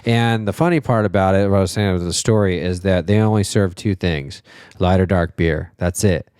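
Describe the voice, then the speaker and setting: A man's voice: deep voice, normal speed, darkish tone, clean tone, dry recording, studio quality. A man co-hosting a podcast, telling a story in casual chat, full of fillers and swearing. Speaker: podcast co-host.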